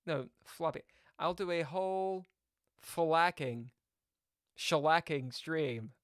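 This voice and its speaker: Clean studio sound with no room noise carries this man's slightly high voice at a slow pace. Chatting on a live chess stream, he reads the chat aloud and jumps between topics.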